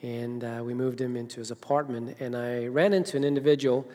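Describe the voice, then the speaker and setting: A man's voice: mid-range voice, fairly even intonation, a little fast, warm tone. Middle-aged male minister, chatty storytelling sermon, big echoing church hall. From Zimbabwe. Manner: chatty, storytelling, with filler hesitations. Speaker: senior minister. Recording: long reverb of a large church hall.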